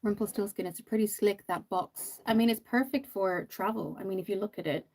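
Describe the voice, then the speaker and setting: A woman hosts a makeup livestream, chatting and rambling with lots of ums and "you know" as she reads viewer comments. Her voice is medium-pitched, fairly quick, and darkish in tone.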